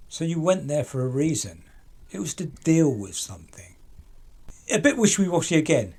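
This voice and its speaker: A man's voice: a little high, sing-song, moderate pace, darkish tone, breathy edge. A man hosting a true crime channel, chatting casually and asking pointed rhetorical questions to people he talks about.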